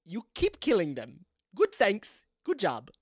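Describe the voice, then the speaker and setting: A man voicing a prim female town mayor in a tabletop game, with crisp consonants and an odd put-on accent. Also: high voice, wildly swooping pitch, a little slow, no echo, clean studio sound, pitched above the performer's own voice, exaggerated voice. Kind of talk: tabletop game role-play.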